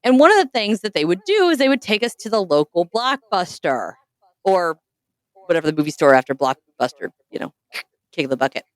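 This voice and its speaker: A woman hosting a casual podcast, telling stories with animated, self-mocking energy. Her pitch leaps and falls with the story. She sits close to a dry, dead-sounding mic. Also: fairly quick, dry recording. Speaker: podcast host.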